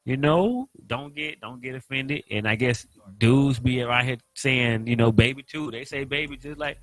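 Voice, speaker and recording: Playful Southern man, bright voice. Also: medium pitch, moderate pace, no room sound. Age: young adult. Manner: playful, teasing, acts out others' voices. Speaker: co-host. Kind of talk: casual chat.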